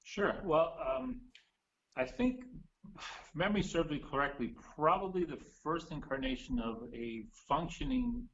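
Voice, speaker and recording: A man co-hosting a casual talk segment, easygoing and quick to laugh. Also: on the high side, big pitch swings, fairly bright tone. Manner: easygoing, laughs often, loose and conversational. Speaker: co-host of studio segment. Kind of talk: casual chat. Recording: dull lo-fi line with faint noise.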